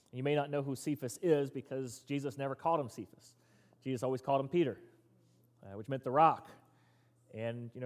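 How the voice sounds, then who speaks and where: A man preaching a sermon, telling Bible stories in a lively way and acting out the quoted lines. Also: medium pitch. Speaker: pastor. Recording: long reverb of a large hall.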